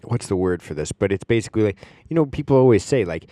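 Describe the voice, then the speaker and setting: A man's voice: lowish voice, animated, fast talker, warm tone, no echo, clean studio sound. A man hosting a podcast, talking in a rambling casual monologue with lots of fillers and the odd swear word. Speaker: podcast host.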